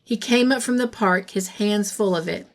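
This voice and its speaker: A woman narrating a classic novel aloud in a gentle, measured storytelling voice. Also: mid-range voice. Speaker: storybook reader.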